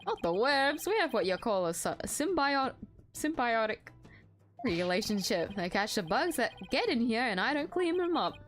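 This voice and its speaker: A woman voicing a scruffy middle-aged male rebel leader, reading game dialogue aloud in an easygoing, drawn-out way. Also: fairly high pitch, sing-song, soft background music.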